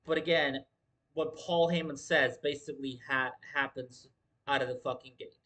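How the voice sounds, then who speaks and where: A man hosts a wrestling livestream with casual commentary, his mid-range voice pushed and bright, steady in tone and moderate in pace. He talks emphatically, swears a lot and keeps repeating his points.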